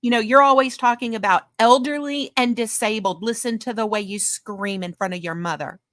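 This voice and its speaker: A woman's voice: fairly high pitch, normal speed, fairly bright tone, no echo. Sarcastic woman lecturing, dry sound. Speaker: commentary host. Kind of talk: commentary on streamer clips.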